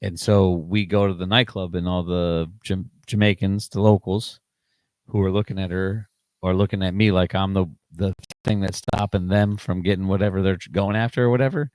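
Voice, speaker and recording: Deep-voiced man rambling crude anecdotes. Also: fairly even intonation, moderate pace, a little mellow, dry recording. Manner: rambling, crude anecdotes, dropping low at times. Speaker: podcast guest. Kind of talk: casual chat.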